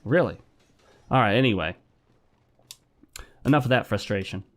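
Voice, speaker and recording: A man's voice: fairly low pitch, lively intonation, normal speed. A man doing casual let's-play commentary, talking over his game and breaking into frustrated rants. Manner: chatty, easily frustrated rants. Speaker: gaming commentator.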